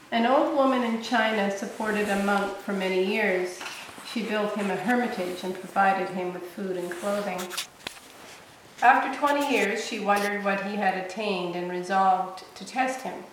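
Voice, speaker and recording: A woman in a group reading a story aloud in a clear, lively way. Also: mid-range voice, a little hiss or hum. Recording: very echoey room, mic far off.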